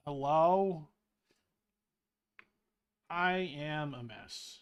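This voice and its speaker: A man's voice: on the high side, slow pace, pauses often. A man chatting casually on a live stream, rambling playfully and talking to his chat and to himself.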